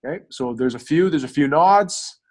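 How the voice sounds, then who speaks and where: A man's voice: fairly high pitch, animated, normal speed, darkish tone. A man hosting a group mastermind video call, coaching the group in an earnest way and often checking in with "right?". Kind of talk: motivational coaching talk.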